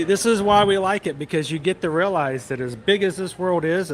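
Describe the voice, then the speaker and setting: A man hosting a casual live stream from a theme park, chatting and reading out viewers' names and hometowns. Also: a little high. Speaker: livestream host.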